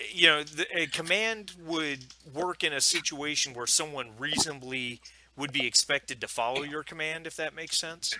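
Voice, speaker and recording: Casting: male game master, very bright, relaxed rule explainer with fillers. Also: mid-range voice. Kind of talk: narrating a tabletop game.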